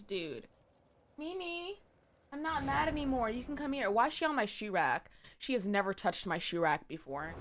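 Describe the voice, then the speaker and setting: A woman's voice: medium pitch, a bit bright, a little hiss or hum. A young woman streaming live, chatting casually with her viewers and reading chat aloud, swearing now and then.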